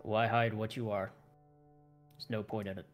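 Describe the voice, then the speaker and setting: A man's voice: on the low side, little pitch movement, normal speed. A man playing his character in a tabletop role-play game, speaking in a blunt, matter-of-fact way. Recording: music clearly behind.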